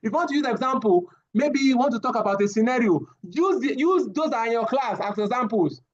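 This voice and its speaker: A man, giving a live safety training lecture, animated and often repeating his words as he addresses the class. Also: very high-pitched, brisk, highs cut off.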